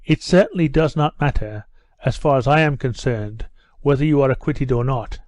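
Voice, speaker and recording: A man reading an earnest, determined gentleman. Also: medium pitch, moderate pace, no room sound, natural voice.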